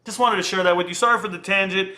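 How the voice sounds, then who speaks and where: Brief: man, thirties, high bright voice, slangy animated commentator. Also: very fast. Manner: animated, slangy, conversational storyteller. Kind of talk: casual commentary and storytelling.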